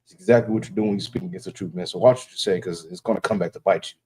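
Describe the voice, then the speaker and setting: Fast-talking man preaching a warning. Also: sits low, a little mellow, slight background noise. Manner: emphatic, warning tone, keeps asking "you know what I'm saying". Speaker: religious teacher. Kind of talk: preaching in casual talk.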